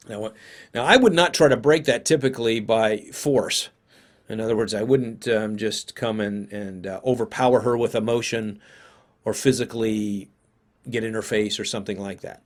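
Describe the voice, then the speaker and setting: A man teaching parents in a live seminar, talking conversationally and thinking aloud with occasional fillers. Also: mid-range voice.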